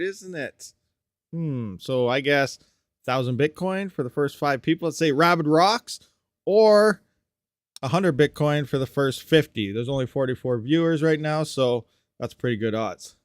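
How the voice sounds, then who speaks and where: A man's voice: a little high, no echo, studio quality. A man hosting a casual live stream, chatty and joking, greeting viewers by name from a desk mic at his workstation. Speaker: livestream host.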